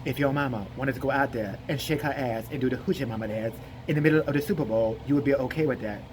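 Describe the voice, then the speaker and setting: A man imitating an older male interviewer who talks in a slow, flat, drowsy drawl. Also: medium pitch, background noise, voice pushed down, lightly acted. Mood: drowsy baiting.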